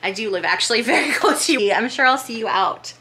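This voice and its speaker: Bright, gushing woman vlogger. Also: fairly high pitch, lively intonation, quick pace. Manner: gushing, emotional. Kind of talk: casual vlog chat, reading holiday cards.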